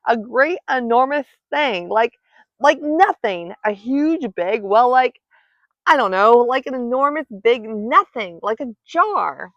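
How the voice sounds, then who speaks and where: A woman's voice: on the high side, expressive, slow, fairly bright tone, dry recording, pitched above the performer's own voice, full character voice. A woman voicing a small, timid male piglet who squeals and stammers in a frantic panic. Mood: breathless, stammering. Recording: dull lo-fi dry recording.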